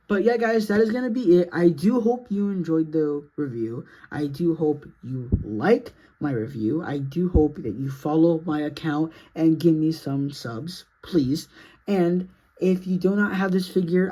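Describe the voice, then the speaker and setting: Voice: medium pitch, measured pace, mellow. A sleepy, yawning action figure reviewer talking through a casual toy review in a rambling, self-correcting, apologetic way.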